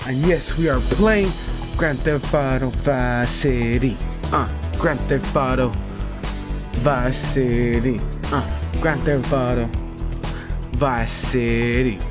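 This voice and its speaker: A man's voice: mid-range voice, takes it slowly. A man in his twenties doing goofy, profane gameplay commentary and laughing a lot. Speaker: let's play gamer. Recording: game audio over game music. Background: game music.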